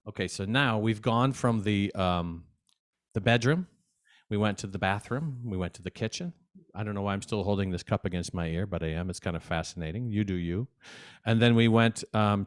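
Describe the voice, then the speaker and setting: A man teaching an at-home music lesson for children from his desk, upbeat and chatty, talking straight to young viewers. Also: fairly low pitch.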